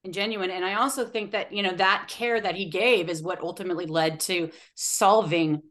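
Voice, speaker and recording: A woman's voice: lowish voice, moderate pace, a bit bright. A woman hosting a podcast, talking earnestly and from the heart in casual conversation. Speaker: podcast host and interviewer. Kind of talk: casual chat.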